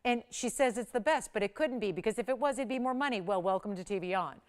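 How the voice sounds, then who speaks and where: A woman's voice: fairly high pitch, fast. Gushing woman selling jewelry on live TV. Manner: effusive, gushing, urgent selling. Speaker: shopping channel jewelry host. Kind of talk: live TV sales pitch. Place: TV studio.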